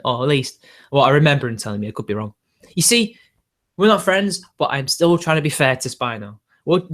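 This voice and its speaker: A man's voice: mid-range voice, fairly bright tone. A man hosting a casual livestream, talking off the cuff in a rambling, hedging way with frequent chuckles. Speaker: livestream host.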